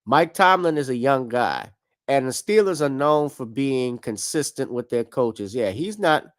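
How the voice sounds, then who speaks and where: A man's voice: medium pitch, expressive, a little slow. A man hosting a casual show, chatting loosely about football and basketball, joking and swearing. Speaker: podcast host. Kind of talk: casual sports commentary.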